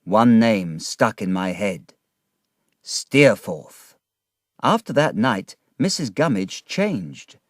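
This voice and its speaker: Slow careful guy reading a story for learners, dry close sound. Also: lowish voice, sing-song, dry recording. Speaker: reader of graded stories.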